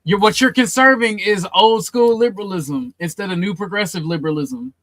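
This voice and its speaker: A man's voice: high-pitched, fairly quick, a bit bright, no room sound, low-quality recording. A man with a Southern US accent hosting a heated call-in panel, blunt and profane. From Southern United States. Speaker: host.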